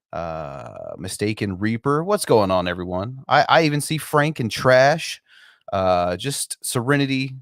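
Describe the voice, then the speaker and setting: A man's voice: lowish voice, creaky, no echo, clean studio sound. A man hosting a livestream in casual chat, stammering and repeating words as he chuckles. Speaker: livestream host.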